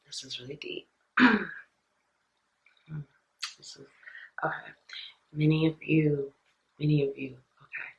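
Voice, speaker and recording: A woman hosting a tarot reading, talking softly and earnestly to her viewers, often dropping near a whisper. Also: deep voice, steady tone, takes it slowly, gravelly, pauses often, lo-fi sound. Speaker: tarot reader, channel host.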